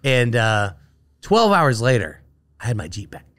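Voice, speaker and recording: An Army veteran appears as a podcast guest in a casual storytelling interview. His medium-pitched voice is unhurried, loose and animated, packed with fillers like "like" and "you know."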